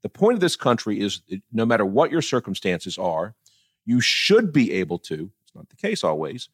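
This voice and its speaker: A man's voice: fairly low pitch, sing-song, normal speed, slightly rough, no room sound, clean studio sound. A middle-aged man talking politics casually, blunt and profane, often laughing as he tells stories. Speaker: political commentator.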